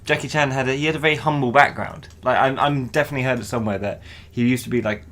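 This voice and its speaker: A man co-hosting a casual comedy podcast, thinking out loud with lots of hesitant restarts. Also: mid-range voice, very fast. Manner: rambling, hesitant, restarts often. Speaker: podcast co-host.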